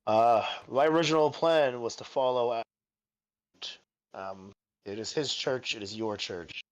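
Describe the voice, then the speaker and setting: Man, tabletop player, soft-spoken, hesitant, in-character talk. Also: medium pitch, a little slow, dull audio. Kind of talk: casual in-character speech at a game table.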